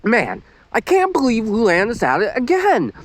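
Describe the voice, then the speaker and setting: A man's voice: high voice, huge pitch swings, measured pace, dry recording, voice pushed up, exaggerated voice. A man voicing a bossy teenage girl who pouts and complains. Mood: pouting. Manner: pouting, complaining.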